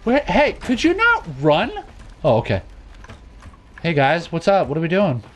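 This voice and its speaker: A man giving let's play commentary, excitable, shouting and swearing at the screen as he plays. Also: a little high, unhurried. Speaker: gaming channel host. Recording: game music playing under the voice.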